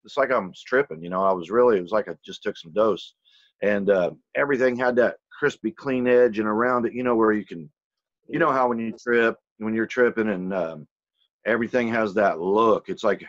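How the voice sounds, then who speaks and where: A man's voice: on the low side, brisk, dry recording, highs cut off. A man casually telling a personal story, rambling and loose, swearing freely and saying "you know" constantly.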